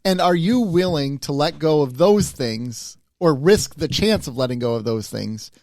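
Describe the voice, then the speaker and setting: A man co-hosts a casual podcast chat, thinking out loud and tagging his points with "right?" His voice has a gravelly edge and swings widely in pitch. The sound is dry and close. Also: lively intonation, normal speed, no room sound. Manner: musing, thinks aloud with many "right?" tags. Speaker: podcast co-host.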